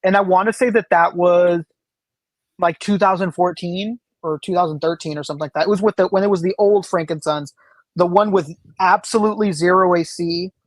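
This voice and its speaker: A man's voice: high voice, fairly even intonation, brisk, no echo. A man chatting as a podcast guest, rambling through stories with many fillers and restarts. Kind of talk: casual chat.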